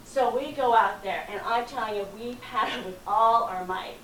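A woman telling a personal story to an audience in a dramatic, lively way, acting out the people in it. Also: on the high side, normal speed. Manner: dramatic, lively retelling with acted quotes. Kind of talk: animated storytelling talk. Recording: roomy, from far off, faint noise.

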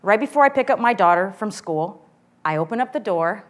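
A woman's voice: mid-range voice, lively intonation, fairly quick. A middle-aged woman giving an earnest, candid personal testimony before a church audience.

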